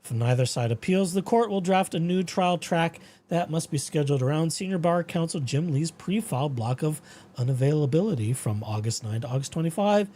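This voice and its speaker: On a casual talk show, the male podcast host rambles on about his dreams, quoting them with animation, and also reads legal updates. He talks fairly quickly in a voice on the high side.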